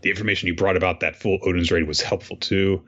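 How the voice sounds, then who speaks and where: A man's voice: low voice, level tone, fast, sharp tone. A man reading out a scheming warlord. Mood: calm, scheming. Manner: read-out dialogue in near-normal voice. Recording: dull lo-fi audio.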